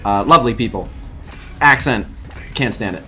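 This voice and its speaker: A man's voice: fairly low pitch, animated, moderate pace, sharp tone, soft background music. A man streaming a mobile game, chatting casually in a blunt, joking way and swearing freely.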